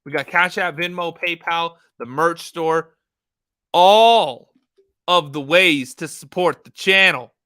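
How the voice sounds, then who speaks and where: A man hosts a live true-crime stream, reacting to footage in an animated, swearing way and chatting with viewers. His voice sits high and sounds bright and forceful. The room sounds dry and close. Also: takes it slowly, smooth, dry recording. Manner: animated, swearing, laughing asides to chat.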